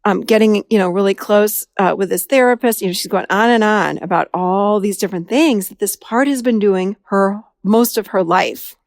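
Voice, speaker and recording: A woman's voice: medium pitch, normal speed, hardly any pauses, dry recording, clean studio sound. A woman therapist hosting a podcast, telling a client's story casually and acting out the dialogue in a raised voice. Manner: animated, acts out dialogue in a raised voice.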